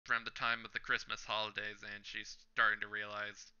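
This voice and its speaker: A man's voice: lowish voice, monotone, normal speed, clean tone, highs cut off. A man hosting a reaction channel, reading a manga chapter aloud panel by panel with his own commentary and chuckling at the jokes. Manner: narrates panel by panel, reading lines out loud.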